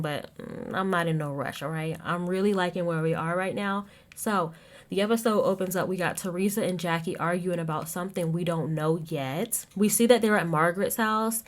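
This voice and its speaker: Sassy Southern woman with a low voice. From American South. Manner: sassy, chatty, acts out quotes. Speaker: podcast host. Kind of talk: casual recap chat.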